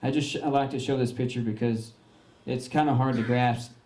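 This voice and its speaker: A man's voice: mid-range voice, steady tone, brisk, a little mellow. Folksy man in an echoey room. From Arkansas, United States. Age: young adult. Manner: folksy and earnest, with frequent fillers and restarts. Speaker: veteran giving a slideshow talk. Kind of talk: informal public talk.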